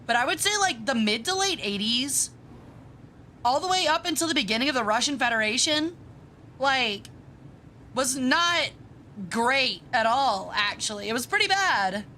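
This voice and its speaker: A woman streaming a game with casual commentary. She sounds bratty, swears freely and reacts fast. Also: sits high, animated, pushed and bright, slight background noise.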